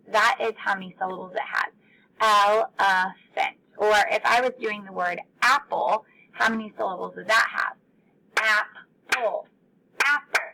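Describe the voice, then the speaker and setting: A woman teacher giving a phonics lesson to young children, stretching out words slowly. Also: mid-range voice, creaky, bright, forceful tone, slight background noise, poor audio.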